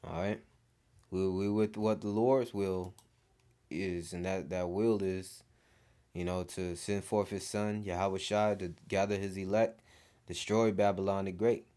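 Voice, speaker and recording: Low-voiced man preaching casually. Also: fairly even intonation, unhurried, mellow, clear, resonant tone. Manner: casual, peppered with "man" and "you know". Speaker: street preacher. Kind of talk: informal preaching.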